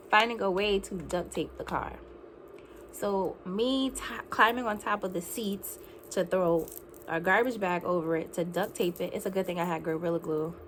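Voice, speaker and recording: A young woman telling a storytime vlog in a casual, animated way, laughing often and saying "like" a lot. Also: mid-range voice, a little hiss or hum. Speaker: vlogger.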